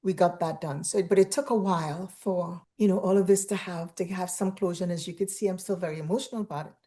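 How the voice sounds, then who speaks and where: A woman's voice: on the low side, fairly even intonation, brisk, dark tone. A woman from Trinidad, a guest on a radio interview, telling stories animatedly and acting out the dialogue she quotes. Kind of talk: casual interview chat.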